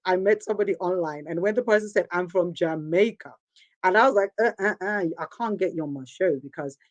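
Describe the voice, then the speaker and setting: A woman's voice: medium pitch, no echo. A woman from Nigeria hosting a show, giving an earnest, emphatic motivational talk and repeating phrases for stress. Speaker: host.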